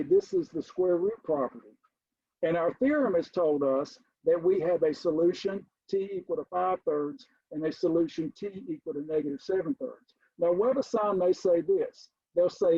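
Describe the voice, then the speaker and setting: A middle-aged college math instructor gives a recorded lecture, emphatically stressing key points and calling the class ladies and gentlemen. His voice is high-pitched and slightly rough, with no echo, though the recording is muffled.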